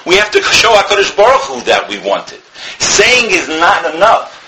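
A man's voice: high-pitched, wildly swooping pitch, normal speed, sharp tone, a little hiss or hum, low-quality recording. A man giving an earnest Torah talk as a rabbi, telling a story and sprinkling in Hebrew and Yiddish words.

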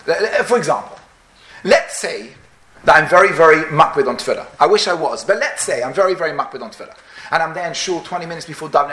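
A rabbi gives a sermon in a high, bright voice, telling stories with emphatic, dramatic swings. He sounds like he is in an echoey room with faint noise behind him.

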